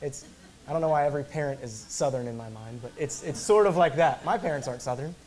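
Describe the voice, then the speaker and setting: A man's voice: mid-range voice, fast talker, darkish tone, a little hiss or hum. A male pastor preaching an earnest sermon, emphatic, repeating words and slipping in casual asides.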